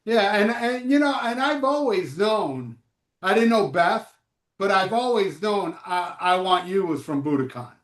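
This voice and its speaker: A man's voice: high-pitched, unhurried, a bit bright. A man in his fifties hosting a live show, talking in a loose, joking, rambling way with lots of fillers. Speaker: host. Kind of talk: casual live show chat. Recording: echoey room.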